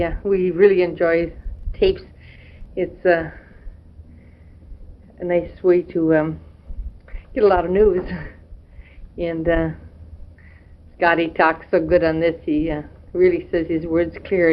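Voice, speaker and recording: Middle-aged woman, homey and halting, talking into a dull old home tape recorder with faint hiss. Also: on the low side. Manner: chatty, hesitant with many pauses and fillers. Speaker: family member recording an audio letter. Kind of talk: rambling homey audio letter.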